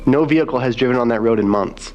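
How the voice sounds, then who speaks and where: A man's voice: mid-range voice, quick pace, darkish tone, muffled recording, faint music behind. A man giving a spoken testimony as a missionary, telling his story and quoting others as he goes.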